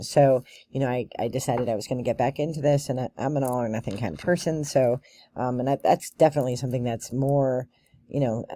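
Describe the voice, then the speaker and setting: Chatty woman with a dark, mellow voice. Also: rumbling low, no echo. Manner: chatty storyteller, laughs often, many fillers. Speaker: bagpiper and vlogger. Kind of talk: casual chat.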